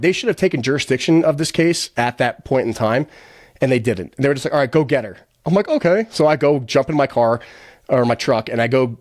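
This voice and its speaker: A young man recounts his story as a podcast guest in a rapid, candid rush. He is blunt and profane and slips into quick impressions of the people he quotes. His voice sits at an ordinary pitch and sounds close and dry, with no room echo.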